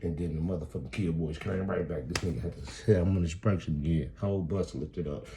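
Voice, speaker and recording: A man doing freestyle stand-up comedy, telling stories in a profane, animated, slangy way. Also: sits low, a little fast, vocal fry, a little hiss or hum.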